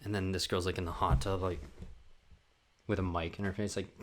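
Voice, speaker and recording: A man hosting a solo comedy podcast, ranting in a profane, rambling, animated way. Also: low-pitched, moderate pace, long pauses. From Canada. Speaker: podcast host.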